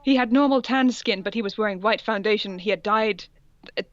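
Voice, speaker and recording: A woman's voice: mid-range voice, brisk, no room sound, lo-fi sound. Giggly woman reading aloud, dry mic. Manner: giggly, breaks off to joke. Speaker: podcast co-host. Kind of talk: comic reading and reaction chat.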